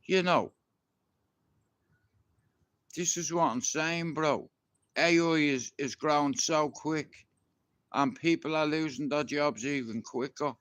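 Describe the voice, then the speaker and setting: A man's voice: on the high side, takes it slowly, pauses often, fairly bright tone, clean tone, dry recording. A middle-aged man with a Dublin Irish accent, telling rambling stories and swearing freely on a live stream from his garden. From Ireland. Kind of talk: casual live-stream storytelling. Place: outdoors in a garden.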